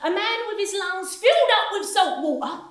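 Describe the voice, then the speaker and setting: A woman playing a sly wheedling dockside hustler, a man selling fake drownings, pitched very high with lively swings, sounding far off in a roomy echoey hall. He pours out salesman patter and keeps bowing with mock respect. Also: moderate pace. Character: hustling male street performer who fakes drowning. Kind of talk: amateur stage acting. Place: drama class room. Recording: echoey room, actors off-mic.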